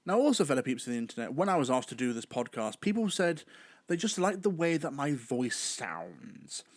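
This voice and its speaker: A young man with a British accent talks through a solo podcast, rambling and chatty. His pitch leaps around with animated bursts, and the close, dry sound has almost no room in it. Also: moderate pace, no echo. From Britain. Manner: rambling, chatty, theatrical outbursts. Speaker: podcast host.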